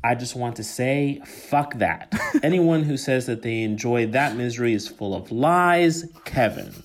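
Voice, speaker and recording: A man's voice: medium pitch, expressive, unhurried. A man sends in a playful recorded message, laughing as he goes and throwing in cheeky asides. His delivery is loose and teasing, with no sign of a script. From Colombia. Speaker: listener leaving a voice memo. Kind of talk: recorded voice memo, jokey monologue. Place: abroad, recorded on his own.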